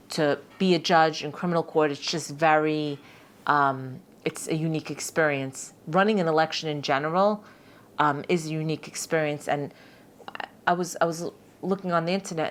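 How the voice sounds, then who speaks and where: A middle-aged woman, a judge, telling stories in a casual interview, often repeating words and acting out what people said. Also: low-pitched. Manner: lively, repeats words, acts out quotes. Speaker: judge and podcast guest.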